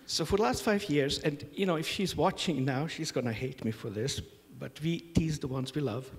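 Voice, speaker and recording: A man's voice: on the high side, moderate pace, hardly any pauses, long reverb tail. A middle-aged man hosting a conference, opening with humorous, self-deprecating stories about his family. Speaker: conference host. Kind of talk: storytelling conference introduction. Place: conference hall.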